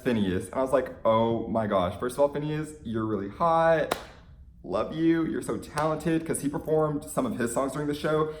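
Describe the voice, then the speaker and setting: A young man telling an excited fan story in a casual vlog, gushing and full of "like"s. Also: medium pitch, reverberant, a little hiss or hum. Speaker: vlogger.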